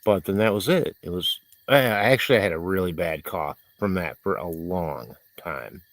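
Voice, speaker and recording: A man's voice: low-pitched, normal speed, no echo. A man hosting a livestream, rambling in casual chat and reading viewers' comments aloud, congested and coughing. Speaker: livestream host.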